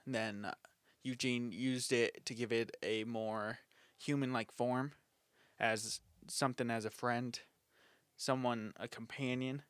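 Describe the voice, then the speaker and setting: A man's voice: medium pitch, steady tone, a little slow, a bit bright, smooth, no room sound. Man reading notes on a dry mic. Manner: reads facts from notes, laughs often. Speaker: podcast co-host. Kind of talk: casual chat, reading notes.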